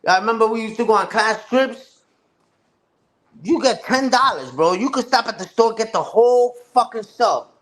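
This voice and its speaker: A man from New with a fairly high voice chats off the cuff with a live stream audience. His talk is loose and slang-heavy, and he restarts his sentences often as he swears his way through stories. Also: lively intonation, normal speed, fairly bright tone. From New York. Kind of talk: casual chat with a live audience.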